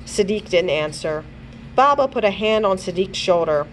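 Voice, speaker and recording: Librarian woman reading aloud to kids; lively, expressive delivery with a faint room hiss. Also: mid-range voice, rough recording. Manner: lively, expressive storytelling with character voices; pauses to check pronunciation of words. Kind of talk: children's read-along narration.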